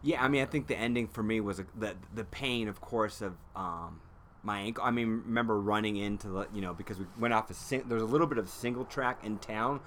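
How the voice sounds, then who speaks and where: Male guest, bright tone, casual chat, emotional storyteller. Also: lowish voice, brisk, slight background noise. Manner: emotional storytelling, acts out his own past outbursts. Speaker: guest, ultrarunner in a film.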